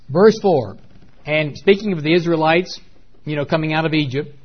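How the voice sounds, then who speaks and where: A man teaching from the Bible in a sermon, pausing often with fillers and pressing hard on key words. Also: a little high, husky, muffled recording. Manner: hesitant with many fillers, emphatic on key words. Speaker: preacher.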